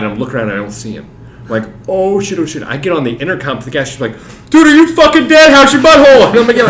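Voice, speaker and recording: Animated storytelling man in an echoey room. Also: medium pitch, slight background noise. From Missouri. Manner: animated storyteller, swears, laughs often. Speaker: player. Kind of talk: casual chat at a gaming table. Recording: roomy echo, people chatting around.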